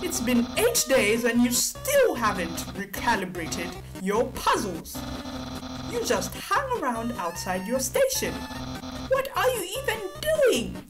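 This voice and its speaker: A woman voicing a boastful, eager male skeleton in a high, loud, pompous voice, with music behind. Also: huge pitch swings, takes it slowly, full character voice, rough recording.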